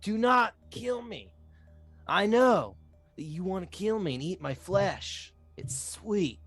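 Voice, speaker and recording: A tabletop game master voicing a sly, tempting jungle snake in an animated, hushing way. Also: mid-range voice, slow pace, soft background music, pitched above the performer's own voice. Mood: pleading then coaxing. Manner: coaxing, drops to a hush on sweet words.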